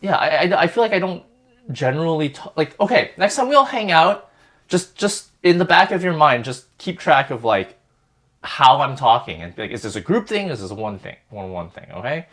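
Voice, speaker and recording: A man's voice: a little high, big pitch swings, a little fast, a bit bright. A young man co-hosting a podcast, talking casually and rambling with many fillers and restarts. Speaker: podcast co-host. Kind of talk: casual group chat.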